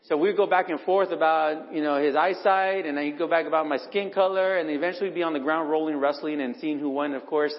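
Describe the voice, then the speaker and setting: A middle-aged pastor preaches a sermon in a church hall, telling personal stories conversationally and acting out what people said. His voice is a little high with fairly even intonation, a little fast with few pauses. The recording is dull, in a reverberant hall.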